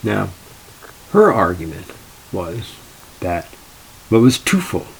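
A man's voice: fairly low pitch, very animated, takes it slowly, creaky, slight background noise, low-quality recording. A man, a tournament organizer, telling anecdotes in a wry, dry, exasperated way. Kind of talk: anecdotal storytelling.

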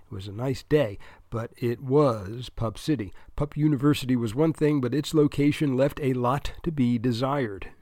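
A male narrator reads a comic story with a wry, deadpan humor and small asides to the listener. His voice sits at an ordinary middle pitch. The recording is very dry and close, with no room sound. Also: dry recording. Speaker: audiobook narrator.

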